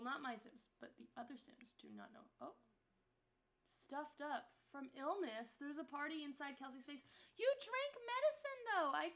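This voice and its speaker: Bright, high-voiced woman streamer. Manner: chatty and giggly, talking to the game and to chat. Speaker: game streamer. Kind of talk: casual live-stream commentary.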